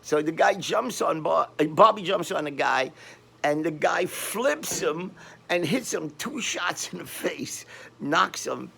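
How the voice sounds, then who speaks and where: Gravelly older Brooklyn man telling stories. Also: on the high side, unhurried. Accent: Brooklyn New York. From Brooklyn, New York. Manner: rambling, animated street-tough storytelling with frequent restarts. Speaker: storyteller. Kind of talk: casual storytelling.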